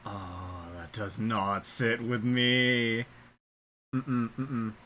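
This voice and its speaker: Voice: mid-range voice, little pitch movement, extremely slow, bright, forceful tone, slight background noise. An anime reaction host who talks through the episodes in live commentary, blurting out dramatic, exclamatory reactions and plenty of swearing.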